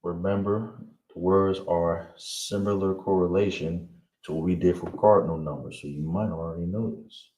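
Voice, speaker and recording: A man teaching a language class, breaking words into syllables and repeating each one slowly. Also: sits low, steady tone, mellow. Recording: distant mic with clear background noise.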